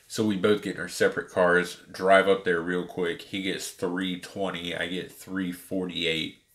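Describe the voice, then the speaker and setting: A man casually retelling a story about buying sneakers, animated and full of fillers. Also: low-pitched, measured pace. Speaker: sneaker reviewer.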